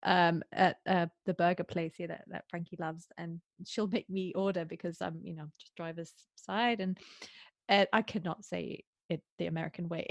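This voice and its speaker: A British woman hosting a podcast who tells stories in an animated, chatty way with lots of restarts. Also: on the low side, moderate pace, gravelly, no echo, studio quality. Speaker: podcast host. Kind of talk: casual conversation.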